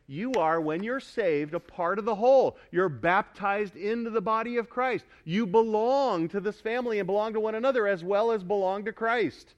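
A male pastor preaching a sermon to his congregation, emphatic, asking them for responses and building to loud pointed repetition. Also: sits high, lo-fi sound. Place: church sanctuary.

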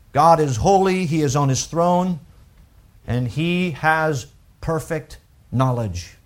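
High-pitched man, sermon, unhurried delivery, swings loud to soft, emphatic. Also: lively intonation. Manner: emphatic preaching with big swings in loudness; unhurried, deliberate, with pauses and repeated words. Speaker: pastor.

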